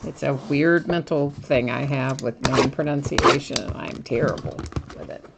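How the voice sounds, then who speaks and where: Low-voiced chatty woman opening card packs. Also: moderate pace, gravelly, heavy background noise. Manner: chatty, laughs at herself, reads out card names. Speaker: card break host. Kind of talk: casual live-stream commentary while opening cards.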